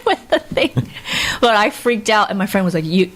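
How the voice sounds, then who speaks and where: A woman co-hosting a podcast in casual chat, enthusiastic and quick to laugh. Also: medium pitch. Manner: excitable, enthusiastic, laughs easily. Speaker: podcast co-host.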